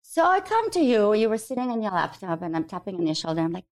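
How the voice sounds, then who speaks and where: A woman, a guest on a podcast, telling a story quickly and expressively and acting out the dialogue. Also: mid-range voice, very animated, background noise. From Ukraine. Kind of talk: animated storytelling.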